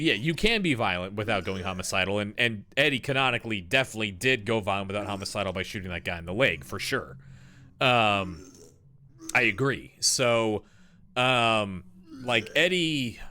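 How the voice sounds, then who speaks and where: A man's voice: medium pitch, pushed and bright, a little hiss or hum. A young man streaming a game live, rambling through lore commentary with lots of fillers and jokey asides.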